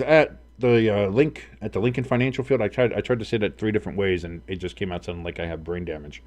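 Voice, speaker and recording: A man's voice: on the low side, expressive, a little fast, hardly any pauses, darkish tone. A man hosting a casual live sports stream, calling plays and reacting in a blunt, profane, rambling way.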